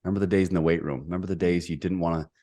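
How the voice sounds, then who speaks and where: A middle-aged man telling a personal story as a podcast guest, energetic and emphatic. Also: deep voice, rapid-fire. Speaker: podcast guest, executive coach.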